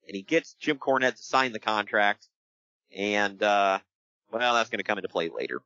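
A man hosting a casual podcast, recapping wrestling in an animated storytelling way and laughing often. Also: mid-range voice, dry recording, dull audio. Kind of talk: casual chat.

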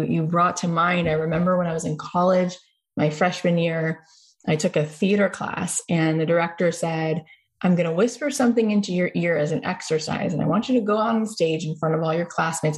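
A woman hosting an interview podcast, talking in an effusive, storytelling way. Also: lowish voice. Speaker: podcast host. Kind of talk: conversational interview.

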